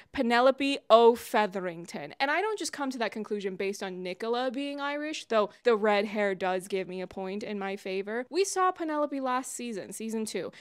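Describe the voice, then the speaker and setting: A woman commenting on a TV clip in a casual vlog, opinionated and playfully dramatic. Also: fairly high pitch. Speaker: YouTube commentator.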